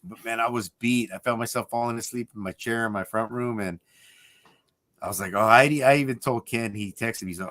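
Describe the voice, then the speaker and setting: A man's voice: mid-range voice, fast, a bit bright, no room sound. A man co-hosting a casual live stream, telling loose, rambling anecdotes full of restarts.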